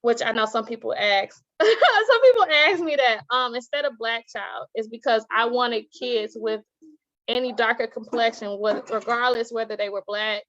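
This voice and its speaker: A woman, a teacher and author, talking as an interview guest, telling stories with lively acted-out quotes and frequent laughter. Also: on the high side, moderate pace, dull audio. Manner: animated storytelling, acts out quoted voices, laughs often. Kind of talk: casual interview talk.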